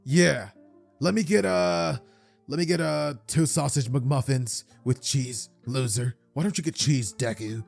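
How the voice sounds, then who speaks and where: A man's voice: medium pitch, measured pace, gravelly, a little mellow, soft background music. A man doing a brash, rude teenage boy. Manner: blunt, insulting.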